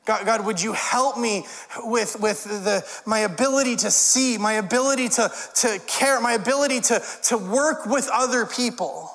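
A man's voice: high voice, normal speed, hardly any pauses, fairly bright tone. A male pastor preaching a sermon in a conversational way, with wry humorous asides. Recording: long hall reverb.

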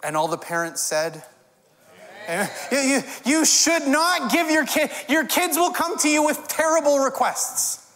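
A man's voice: very high voice, animated, normal speed, fairly bright tone. Man preaching in a reverberant hall. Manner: conversational preaching with wry humorous asides. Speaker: pastor. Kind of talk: sermon.

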